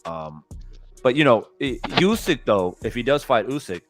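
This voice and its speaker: A man talking boxing with friends, loose and profane. He speaks at a middle pitch and sounds animated and unfiltered, with faint music underneath. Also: normal speed. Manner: profane, animated, does mocking impressions. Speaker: boxing podcast co-host. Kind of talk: casual fight-talk chat.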